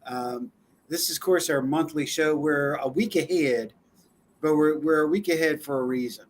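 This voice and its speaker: A man's voice: a little high, moderate pace, a little hiss or hum. A man co-hosting a live-stream talk show, chatting casually with a loose, laughing, filler-heavy delivery. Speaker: co-host.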